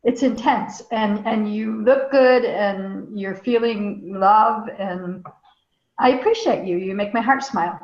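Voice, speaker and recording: A woman's voice: medium pitch, slow. A woman on a video call giving heartfelt, affirming feedback, moved almost to tears. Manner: warm, affirming, emotional. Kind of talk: casual group video call. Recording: echoey room, dull video call audio.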